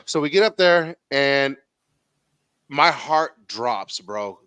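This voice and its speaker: A man in his thirties with a Southern Californian accent tells a story, swearing freely and acting out the voices of the people in it. His voice is smooth and clear, slightly higher than most men's, and the sound is dry and close. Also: normal speed, dry recording. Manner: profane, animated storyteller, acts out quotes. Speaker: podcast host. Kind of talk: casual storytelling chat.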